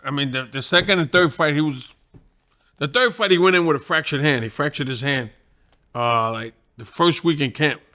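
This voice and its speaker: Bright-voiced, profane middle-aged storyteller. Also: male voice, fairly high pitch, normal speed. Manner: profane, animated, acts out quoted voices. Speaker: guest, boxing trainer. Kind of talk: casual storytelling.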